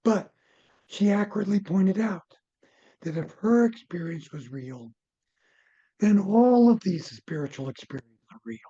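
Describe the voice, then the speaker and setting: Older man telling stories, dark muffled sound. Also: a little slow, husky. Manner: animated storyteller, drops to soft low asides. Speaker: near-death researcher and former physician. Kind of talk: interview guest storytelling.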